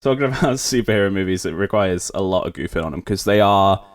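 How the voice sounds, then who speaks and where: A young man co-hosting a podcast, chatting in a jokey, animated way. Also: low voice, fast, no room sound, studio quality. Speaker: podcast co-host. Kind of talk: casual chat.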